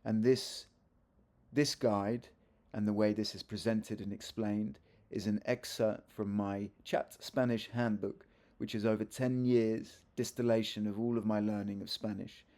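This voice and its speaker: A middle-aged man teaching a grammar lesson to camera, his low voice gravelly with fry and mellow in tone. He talks in a chatty, easygoing way, correcting himself mid-sentence and tossing in asides. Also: fairly even intonation, measured pace. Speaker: Spanish teacher. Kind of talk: video lesson explaining grammar.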